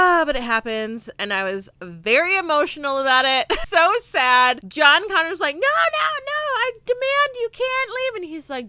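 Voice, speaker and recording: A young woman hosts a casual podcast, recapping a film with lively emotion and plenty of fillers. Her voice is bright and smooth, and her pitch sits a bit high. The recording is close and dry. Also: no echo. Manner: animated, emotional, filler-heavy retelling with laughs. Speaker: podcast host.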